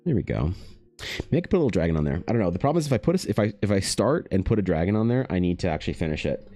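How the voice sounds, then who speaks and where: A man streaming while he paints, chatting casually in a rambling, profane way, his pitch leaping up now and then. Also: very animated, rapid-fire, mellow. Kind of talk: casual livestream chat.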